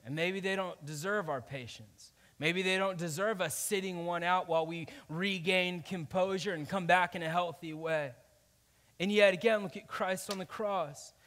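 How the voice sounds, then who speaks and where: A man preaching a conversational sermon, often checking in with "right?" and swinging between loud emphasis and quiet asides. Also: on the high side. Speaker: pastor.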